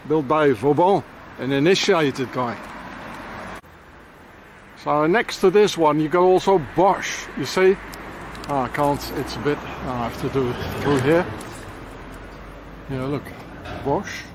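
A man's fairly high voice comes slowly, with frequent pauses and background noise, as he vlogs his way around town. Talking to a handheld camera, he rambles conspiratorially and points out things along the walk.

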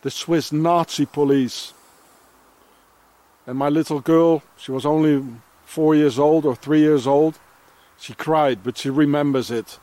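This South African father's snowy outdoor vlog is one long angry rant to camera, full of bitter accusations and insults he keeps repeating. He speaks a little high and a little slowly, with fairly even intonation and warmth, and there's no room sound.

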